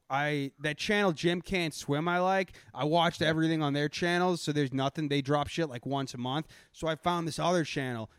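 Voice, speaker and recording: A man's voice: on the high side, clean tone, no room sound, clean studio sound. A young man co-hosting a podcast, chatting crudely and jokingly and saying "dude" a lot. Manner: profane, joking, says "dude" often. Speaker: podcast co-host. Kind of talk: crude casual chat.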